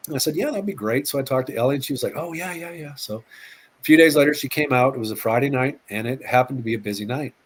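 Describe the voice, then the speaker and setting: A man's voice: medium pitch, fairly even intonation, rapid-fire. A middle-aged man, a police officer, telling stories as an interview guest, often repeating words and acting out quotes. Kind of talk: casual storytelling interview.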